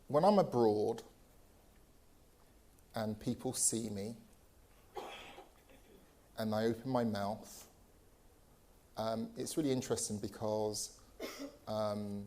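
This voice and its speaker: A man from England speaking on a panel at a live event, into a microphone, deliberate and emphatic, posing rhetorical questions. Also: lowish voice, steady tone, warm tone. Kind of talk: panel discussion speech. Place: event hall with audience. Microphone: handheld microphone.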